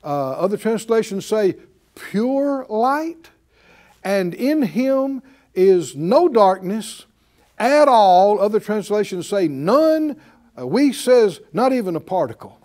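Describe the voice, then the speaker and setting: An animated male preacher with a high, lively voice that swings up and down. He delivers his sermon in a slow, deliberate pace, emphatic and folksy, repeating his key words with a ready chuckle. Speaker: Bible teacher.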